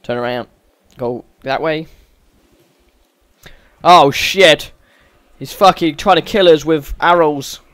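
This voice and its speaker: A man's voice: fairly high pitch, slow, pauses often, a bit bright, dry recording. A man giving sweary, exasperated running commentary over a video game as a gaming channel host. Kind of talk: let's-play game commentary.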